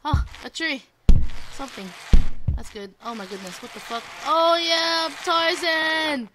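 A young woman playing a game on video, excitable, swearing a lot and shrieking when startled. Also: high voice, normal speed, background noise. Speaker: gamer. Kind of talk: let's play commentary. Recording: loud clicking throughout.

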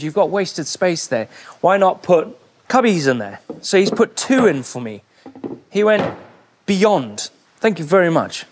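A young man talking to camera from inside a van, his voice a touch higher than most men's. He chats easily and jokes at his own expense, recorded on the camera's own mic. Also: no echo. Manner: chatty, joking and self-mocking. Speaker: van-build vlogger. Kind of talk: casual to-camera vlog. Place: inside a van being built.

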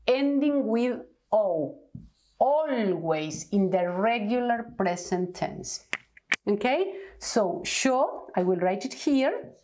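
A woman's voice: fairly high pitch, warm tone. A woman with an Argentine accent, a Spanish teacher explaining grammar patiently at a whiteboard, checking in often with the class. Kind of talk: whiteboard language lesson.

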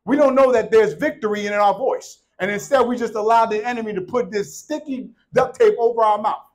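High-voiced playful preacher man. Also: brisk. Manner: playful, conversational preaching with call-and-response. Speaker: pastor. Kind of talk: sermon. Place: church sanctuary. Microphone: handheld or worn microphone.

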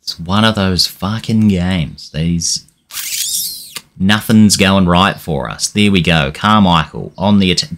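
A young man commentating on his own football management game, getting frustrated, swearing, and shouting at his players. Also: low voice, takes it slowly. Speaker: gaming channel host. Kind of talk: let's-play commentary.

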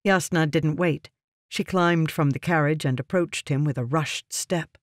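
Man reading a fantasy audiobook, steady measured pace, super dry close mic. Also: a little high, no room sound. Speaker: audiobook narrator.

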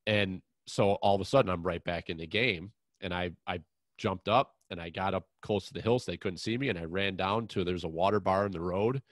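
A man's voice: low voice, a little fast, dry recording. A man hosting an outdoors podcast, telling a long hunting story in a frank, rambling way with mild swearing. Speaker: podcast host. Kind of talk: casual chat, long personal anecdote.

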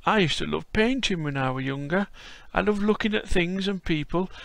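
A man putting on the voice of a very old, frail, friendly man with a Yorkshire accent, speaking in slow homely dialect. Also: high-pitched, creaky, fairly bright tone, no room sound, voice pushed up. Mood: reminiscing.

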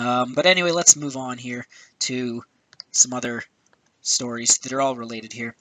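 An exasperated man rants into a headset, cursing freely and sighing between points. His voice is bright and forceful at a middle pitch. The sound is very dry with faint static. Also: steady tone, moderate pace, no room sound, low-quality recording. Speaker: gaming video host. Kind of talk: angry rant. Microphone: new headset.

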